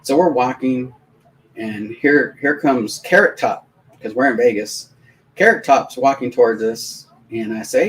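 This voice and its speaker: A man's voice: mid-range voice, a little slow, a little hiss or hum, rough recording. Rambling man telling a story on stream. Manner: rambling, animated anecdotes with many restarts. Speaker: live stream host. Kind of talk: casual storytelling on a live watch-along stream.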